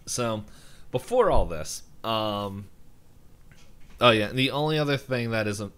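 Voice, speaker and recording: A young man with a slightly low voice chats through a cartoon episode on a podcast. His delivery is loose and rambling, full of laughs, with sudden high jumps when he mimics the characters. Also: animated, measured pace, a bit bright, smooth. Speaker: podcast co-host. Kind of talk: casual chat recapping an episode.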